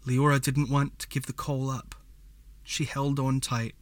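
A man narrating a fantasy story as a scripted audiobook reading, in a measured storytelling manner. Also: medium pitch, little pitch movement, dry recording.

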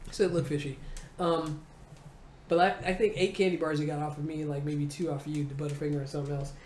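A comedian in her forties tells a childhood story in an interview, lively and laughing, acting out the people in it. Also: low voice, brisk. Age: 40s. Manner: animated, acting out voices, laughing. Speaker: comedian guest. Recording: roomy echo, faint noise.

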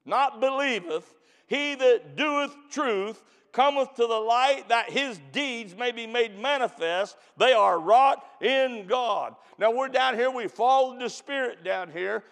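A man preaching a camp meeting sermon as pastor. He stretches and shouts key lines to the church, then drops into quick, quiet storytelling. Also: very high-pitched, in a large hall. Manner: preaches with loud drawn-out emphasis, calls out to the church.

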